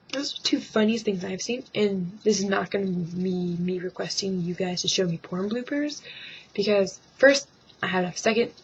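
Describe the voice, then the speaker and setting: Husky-voiced woman ranting on webcam. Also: mid-range voice. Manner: rambling, jokey, mock voices and whispered asides. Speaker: vlogger. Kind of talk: casual comic rant to camera. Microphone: webcam microphone. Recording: dull lo-fi webcam sound.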